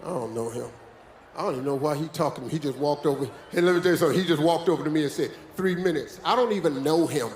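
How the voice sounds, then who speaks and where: A man's voice: fairly high pitch, very fast. Older man, American accent, motivational speaker, preachy and joking, echoey dome. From West Virginia, USA. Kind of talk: live motivational speech. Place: large dome venue with live audience. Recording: echoey dome, faint crowd noise.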